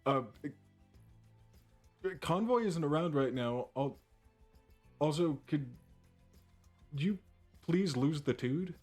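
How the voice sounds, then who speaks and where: A man's voice: a little high, lively intonation, darkish tone, faint music behind. Stammering man playing a tabletop game. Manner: halting, stammering. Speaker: guest player.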